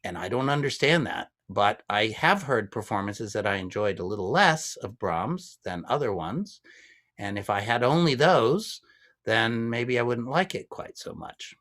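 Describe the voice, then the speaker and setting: A man's voice: mid-range voice, expressive, a little slow, a bit bright. Man in his fifties, rambling musician. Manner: thoughtful, rambling with frequent restarts. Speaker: guest violinist. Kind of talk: casual discussion.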